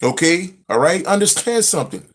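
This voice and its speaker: A man's voice: a little high, sing-song, fairly quick, breathy edge. A man reading a spiritual text aloud and preaching on it, emphatic, repetitive and profane. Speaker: spiritual teacher.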